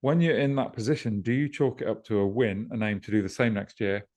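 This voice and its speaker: A man co-hosting a podcast over a video call, talking in a relaxed, reflective way and reading out listener questions. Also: fairly low pitch, brisk. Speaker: podcast co-host and festival promoter.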